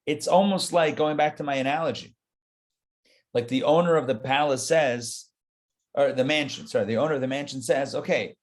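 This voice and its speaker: A man, a rabbi, teaching a live Torah class in an animated, conversational way, talking straight to his listeners. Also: mid-range voice, normal speed.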